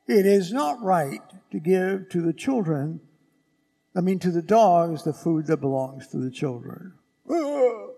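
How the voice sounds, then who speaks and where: A priest giving a Sunday homily in a church, animated and dramatic, acting out the voices of the people in the story. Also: male voice, sits high, a little slow, creaky, husky. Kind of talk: sermon. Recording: church with long reverb.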